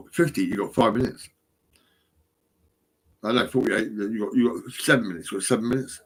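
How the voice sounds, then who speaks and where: A middle-aged man, talking to his phone in a rambling, profane, agitated monologue that swings between mumbles and outbursts. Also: mid-range voice. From England. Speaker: vlogger.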